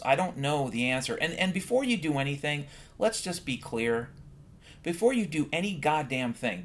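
A man hosting a solo podcast, ranting bluntly and swearing often in a heated monologue. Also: medium pitch. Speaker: podcast host.

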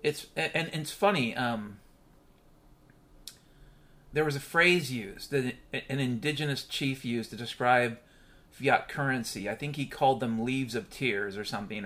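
This man, who hosts his own podcast, speaks at a medium pitch with a slightly bright quality. His monologue is candid and rambling, with frequent swearing.

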